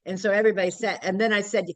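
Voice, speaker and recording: A woman's voice: mid-range voice, fairly even intonation, fast talker, no room sound, rough recording. An older woman speaking at a community group meeting, candid and blunt, rambling with frequent fillers. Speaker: local activist group member.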